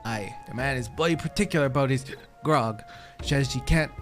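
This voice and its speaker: A man's voice: medium pitch, normal speed, fairly bright tone, faint music behind, lightly acted. A man doing a boozy swaggering pirate brute. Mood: boastful. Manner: gruff rolling pirate brogue, slurred and swaggering. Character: boozy boastful male pirate bodyguard, middle-aged.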